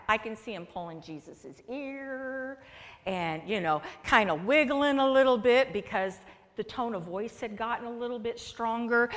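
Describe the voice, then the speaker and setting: A woman's voice: on the high side, fairly bright tone. A woman pastor preaching a sermon in a conversational way, acting out quoted lines as she goes. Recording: long echo of a large hall.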